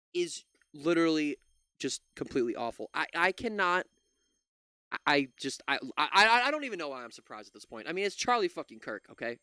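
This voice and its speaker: A man's voice: sits high, pushed and bright, clean tone, no echo, studio quality. A man hosting his own channel, reacting to a clip with profane, exasperated ranting. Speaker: commentary channel host. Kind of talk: angry reaction commentary.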